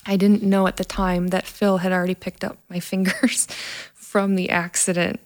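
A woman's voice: medium pitch, little pitch movement, moderate pace. A woman, a trauma nurse, telling a personal story in an earnest way and acting out the dialogue.

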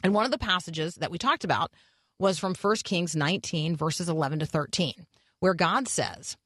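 A woman hosts a morning radio program, reflecting earnestly and pausing with small fillers as she talks. Her voice sits on the low side and sounds close and dry, with no room around it. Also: a bit bright, no echo. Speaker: radio host. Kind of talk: devotional radio talk.

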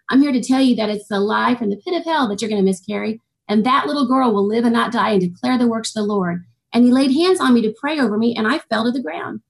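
Here is a woman in her forties who talks quickly and with a lot of life as she tells a story. Her voice sits a little high. She shifts her pitch to play the people she quotes, and she speaks as a guest in an interview. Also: gravelly. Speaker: guest author. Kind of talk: testimony in an interview.

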